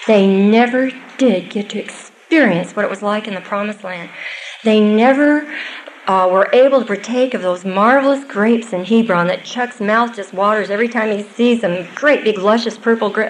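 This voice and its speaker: A woman's voice: mid-range voice, slight background noise, poor audio. An older woman giving a Bible teaching to a live audience, earnest and conversational with small asides.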